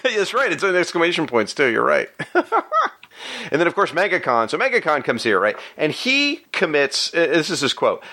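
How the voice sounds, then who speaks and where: Animated, bright-voiced male podcast host. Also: fairly high pitch, moderate pace. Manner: animated, chatty, laughs often, breaks into silly voices. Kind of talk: casual podcast chat about comics.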